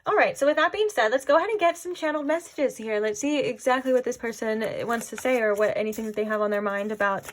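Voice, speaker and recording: A woman giving a casual pick-a-card tarot reading, rambling and filling her talk with "like", often dropping into soft, musing asides. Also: on the high side, quick pace, hardly any pauses. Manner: rambling, heavy use of "like". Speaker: tarot reader.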